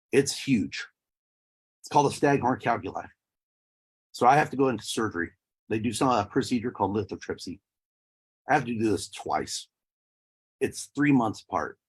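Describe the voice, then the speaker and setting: A man's voice: mid-range voice, breathy edge. A man in his thirties or forties giving an emotional personal testimony, his voice breaking at times. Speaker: speaker sharing a personal story.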